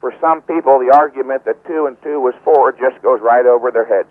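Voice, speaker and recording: A man's voice: mid-range voice, a little fast. A man who trains bodybuilders, a guest on a radio interview, lecturing emphatically and repeating his key points. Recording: tinny phone line.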